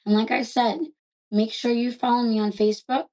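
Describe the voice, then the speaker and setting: Woman, New York accent, psychic call-in host, fast chatty talk, mellow voice, dull lo-fi audio. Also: a little high, level tone. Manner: fast, chatty and affectionate, calls callers love.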